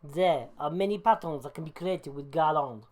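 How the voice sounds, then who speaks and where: A man's voice: on the high side, moderate pace, darkish tone, close to an everyday voice. A man doing a clumsy mock Spanish narrator. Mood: earnest. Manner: clumsy, self-admittedly poor accent. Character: man reading balloon design narration in a mock regional Spanish accent.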